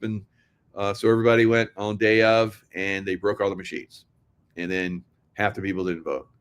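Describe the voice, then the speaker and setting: A man's voice: on the low side, steady tone, fast, smooth. A man talking casually to his viewers, rambling and sarcastic, laughing often. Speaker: political commentary vlogger.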